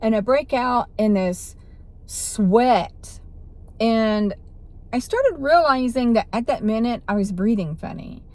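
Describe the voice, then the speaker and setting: A woman's voice: fairly high pitch, expressive, slow, a little mellow. A woman vlogger telling a personal story in a rambling way, with restarts and self-corrections.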